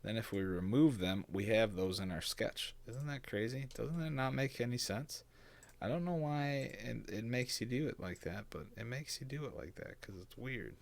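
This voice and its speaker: A man's voice: medium pitch, lively intonation, normal speed, vocal fry. A man casually talking through a design tutorial, thinking aloud, humming and muttering to himself. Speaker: bait designer teaching CAD. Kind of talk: casual screen-recorded tutorial.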